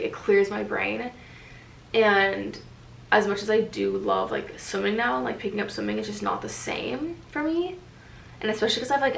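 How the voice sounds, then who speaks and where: A young woman talks straight to her camera in a loose, filler-packed vlog style, her voice slightly gravelly with a lively, swooping pitch. She comes across as open and emotional. The room is echoey, she sits a little away from the mic, and faint noise hums underneath. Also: recorded from a distance. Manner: filler-heavy, emotional recounting. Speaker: running vlogger. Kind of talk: casual talk to camera.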